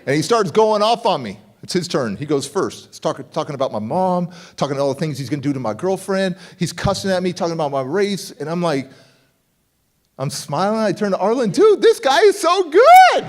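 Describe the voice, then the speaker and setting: A middle-aged man giving a motivational keynote, his voice sitting a bit high for a man. He tells the story with lots of animation and suddenly leaps up in pitch to act out other people's lines. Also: a little fast. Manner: animated, acts out quoted voices with big pitch jumps. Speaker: motivational speaker. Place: conference hall stage.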